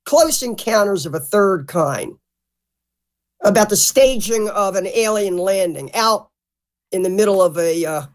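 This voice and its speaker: A woman speaking as a guest in a loose, casual interview. She is blunt and salty with her words, and her pitch jumps around a lot in an animated, expressive way. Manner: blunt and profane; animated, mimics others. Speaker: podcast guest.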